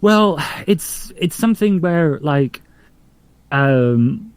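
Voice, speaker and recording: A man's voice: fairly high pitch, animated, drawn-out words, clean tone, no room sound. A man from northern England, a podcast showrunner, talking in a casual interview with hesitant, filler-heavy speech. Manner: rambling, hesitant, many fillers and restarts.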